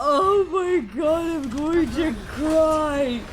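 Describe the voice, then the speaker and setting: A woman streaming a video game, reacting excitably with gasps and shrieks as she commentates her play. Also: sits high, very slow. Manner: excitable, gasping and shrieking at wins. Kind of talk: live gameplay commentary. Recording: voice over loud game music. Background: game music.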